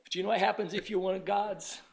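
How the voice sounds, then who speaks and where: A man preaching a sermon, shouting one moment and dropping to a hush the next, acting out short quotes of God and Satan. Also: high voice, fairly even intonation, fast, background noise. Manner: swings from shouting to hushed tones; voices God and Satan in little acted quotes.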